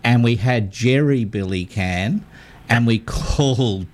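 A man's voice: mid-range voice, slow pace, a little mellow. An Australian man hosting a radio fishing show in casual chat, joking and rambling through stories with restarts.

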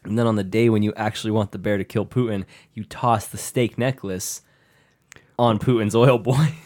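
A man's voice: lowish voice, fairly even intonation, normal speed, darkish tone. A man co-hosting a comedy sports podcast, telling rambling jokes and laughing often. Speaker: podcast co-host. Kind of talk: casual comedic chat.

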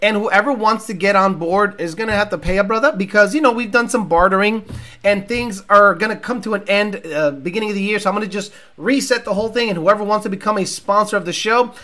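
Profane rambling man with a bright voice. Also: high-pitched. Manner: rambling, profane, reads sponsor plugs and viewer names fast; mocks others with loud shouted impressions. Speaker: show host. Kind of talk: casual livestream chat.

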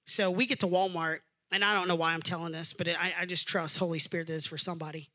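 A young adult male pastor delivers a sermon in a high, bright voice. He swings between loud, emphatic preaching and quiet, personal storytelling. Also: flat delivery, quick pace.

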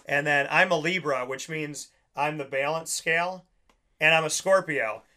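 Bright, animated young man telling stories. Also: a little high, normal speed. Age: young adult. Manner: rambling, animated storyteller who acts out quoted lines. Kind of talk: casual chat.

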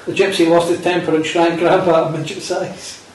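A man's voice: on the high side, little pitch movement, brisk, darkish tone. A man from Britain co-hosting a casual chat, dry and rambling, often restarting sentences. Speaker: podcast co-host. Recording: echoey room, mic far off.

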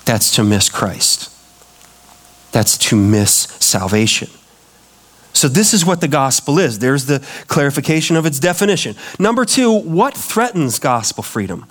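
A man's voice: mid-range voice, very animated, measured pace, fairly bright tone. A pastor preaching a sermon, emphatic and repetitive, putting questions to his congregation.

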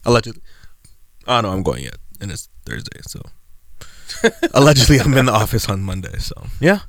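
A man's voice: fairly low pitch, huge pitch swings, fairly quick, gravelly, fairly bright tone, dry recording, studio quality. A man hosting a casual podcast, rambling through stories and laughing often as he drifts off topic. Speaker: podcast host.

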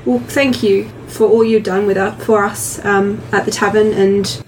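A woman's voice: mid-range voice, steady tone, normal speed, a little hiss or hum. A woman chatting as a tabletop player, chirpy and awkward. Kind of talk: casual chat. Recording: distant mic.

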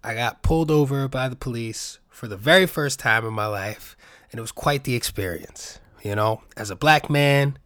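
A man's voice: medium pitch, normal speed, a bit bright, dry recording, studio quality. A man, from the Bronx, telling a rambling, profane story full of tangents as a podcast host. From New York City, the Bronx. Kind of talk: casual monologue.

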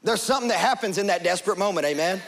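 Young pastor, high voice, lively storytelling sermon. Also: male voice, racing, vocal fry. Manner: storytelling, animated, acts out quoted voices.

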